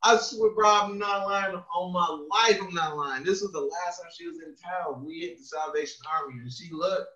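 A man telling a funny story in casual chat, laughing often and dropping low and quiet for the quoted lines. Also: moderate pace, few pauses. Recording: echoey room, far from a dull mic.

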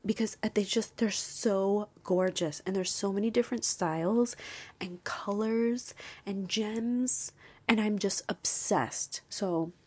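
A young woman vlogging in a casual, gushing, excitable way, often dropping into a whisper. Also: medium pitch, slow pace, breathy edge. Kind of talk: casual chat.

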